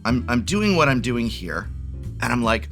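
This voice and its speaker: A man's voice: mid-range voice, very animated, normal speed, fairly bright tone, faint music behind. A man in his forties talking casually and enthusiastically as a card game video host, rambling and often restarting his sentences. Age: 40s. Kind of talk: excited unboxing chat.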